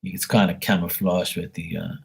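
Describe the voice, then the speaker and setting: A man's voice: low voice, level tone, normal speed, creaky, a little mellow, slightly rough. A man chatting casually to his viewers by name on a late-night livestream, rambling and teasing. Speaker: livestream host reading paid questions.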